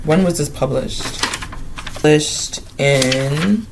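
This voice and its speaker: A man of Ghanaian heritage chatting casually and excitably in a vlog, wandering from topic to topic. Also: fairly high pitch, drawn-out words, creaky, background noise. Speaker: vlogger.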